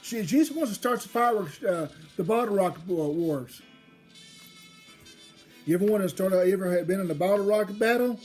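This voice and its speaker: A woman telling a family story in a rambling, casual way, getting loud and excited as it builds. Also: mid-range voice, brisk. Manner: rambling, restarts, grows loud and excited in the retelling. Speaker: storyteller host. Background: faint background music.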